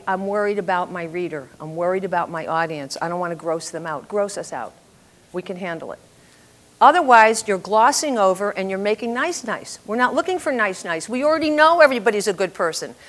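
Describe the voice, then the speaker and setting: A woman in her seventies giving a storytelling talk about writing, lively and laughing at her own stories as she acts out the people in them. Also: medium pitch. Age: 70s.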